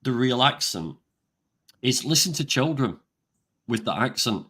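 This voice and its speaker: A man's voice: mid-range voice, sing-song, unhurried, bright, forceful tone, slightly rough. A man in casual chat on a live stream, teasing his co-host and often restarting his sentences. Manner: hesitant, many restarts and fillers, teasing.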